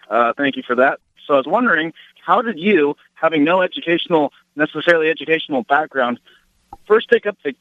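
Young male college caller, polite, slightly high voice, tinny phone line. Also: no echo. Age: young adult. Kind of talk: call-in question over the phone.

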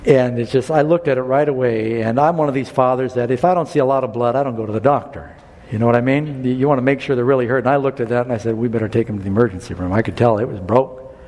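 A man's voice: medium pitch, mellow. A middle-aged man preaching a sermon, telling a story and then building to a rhythmic, preacherly appeal. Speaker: pastor. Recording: long reverb of a large hall.

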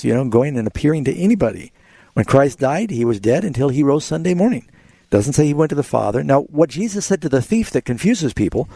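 A man's voice: mid-range voice, creaky, mellow, no echo. A man hosting a call-in radio Bible program, confidently explaining scripture to callers.

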